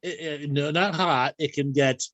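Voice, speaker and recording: A man's voice: on the high side, moderate pace, a bit bright, no echo, dull audio. Frank, laughing male talk-show host. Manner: frank, bawdy and laughing often. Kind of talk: casual live chat.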